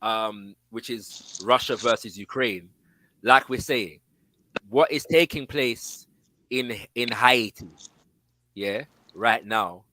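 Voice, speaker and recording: A man hosting a political discussion, speaking in halting, repeated starts and affirming the others. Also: mid-range voice, pushed and bright, no echo. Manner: affirming, halting, restarts often.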